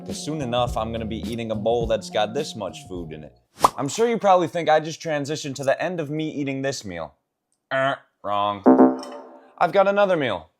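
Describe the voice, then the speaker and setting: A man's voice: mid-range voice, big pitch swings, brisk, faint music behind. A young man talking casually to camera in a fitness vlog, joking at his own expense and laughing often. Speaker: fitness vlogger. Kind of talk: casual self-filmed vlog.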